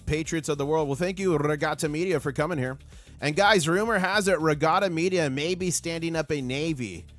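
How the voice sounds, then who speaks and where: Excitable man hosting a live market stream. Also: on the high side. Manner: excitable, reads viewer comments aloud, upbeat hype. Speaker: livestream host. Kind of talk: live market commentary and chat reading.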